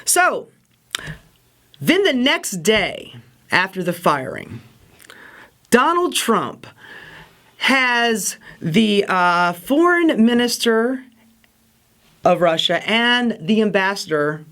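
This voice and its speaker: A woman delivering a casual political rant with a sarcastic, exasperated edge. Her pitch swings widely as she talks, rising and dropping with each point. She sounds fed up and mocking. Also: very animated, slow pace, pauses often, fairly bright tone. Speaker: political commentary host.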